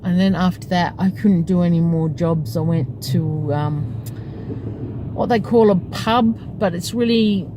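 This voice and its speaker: A woman's voice: fairly low pitch, unhurried, noisy background. A woman, a taxi driver, telling a story from her night in a casual, chatty way and breaking into laughter often.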